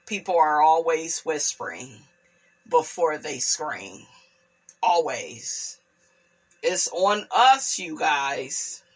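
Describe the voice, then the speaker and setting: Slow, bright-voiced woman lecturing viewers. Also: mid-range voice. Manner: preachy, repeats lines for emphasis, asks "okay?". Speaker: commentator. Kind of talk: opinionated celebrity gossip commentary.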